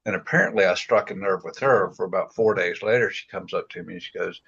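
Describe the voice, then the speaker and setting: A man in a reflective casual chat, speaking haltingly and restarting often as he searches for words. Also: sits low, creaky, fairly bright tone, slightly rough, dull audio. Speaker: self-inquiry group member. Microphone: video call.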